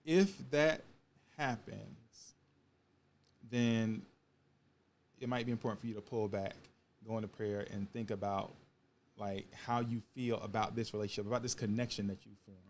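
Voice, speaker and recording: A man's voice: moderate pace, long pauses. Earnest man giving marriage advice. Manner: earnest, advising, often drops to a low soft voice. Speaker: co-host of a marriage talk show. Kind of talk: casual conversational talk.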